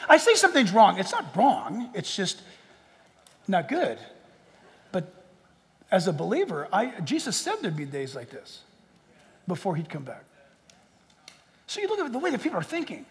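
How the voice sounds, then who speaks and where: A man preaching a sermon as pastor in a large church, animated and joking, acting out people in quotes. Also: high-pitched, moderate pace, gravelly, pauses often, in a large hall.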